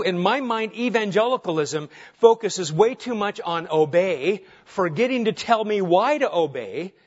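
A male pastor preaching an earnest, emphatic sermon, asking his listeners rhetorical questions. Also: high-pitched. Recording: dull lo-fi sound.

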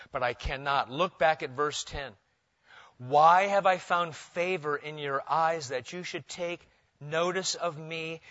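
A male pastor delivering a sermon, animated and asking his congregation questions. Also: fairly high pitch, dry recording, lo-fi sound.

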